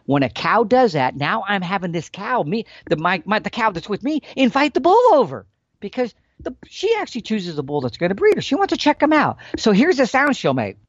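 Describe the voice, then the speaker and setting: A man explaining elk calling tactics in a folksy, animated storytelling manner. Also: sits high, brisk, no room sound, muffled recording. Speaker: elk hunting instructor.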